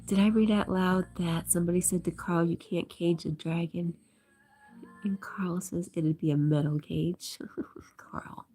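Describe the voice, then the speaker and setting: Middle-aged woman host, whispered role-play, low mellow voice, faint music behind. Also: fairly even intonation, a little slow. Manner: soft whispery, reads comments aloud, gentle. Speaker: livestream host reading chat.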